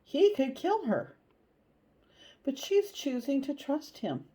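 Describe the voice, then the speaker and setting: A woman giving a casual tarot reading, chatty and animated, blunt, and she swears now and then. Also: sits high, slow pace, low-quality recording. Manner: chatty and animated, acts out inner voices. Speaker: tarot reader.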